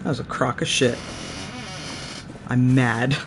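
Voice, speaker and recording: A man streaming a video game, reacting out loud, swearing at enemies and chatting to animals on screen. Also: mid-range voice, steady tone, slow pace, background noise. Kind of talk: live gameplay commentary.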